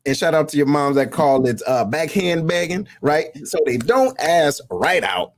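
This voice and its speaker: A man's voice: on the high side, moderate pace, no room sound. A man hosting a casual talk show, slangy and preachy, often calling out to his audience. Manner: animated, preachy, slangy, fond of calls to the audience. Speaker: show host.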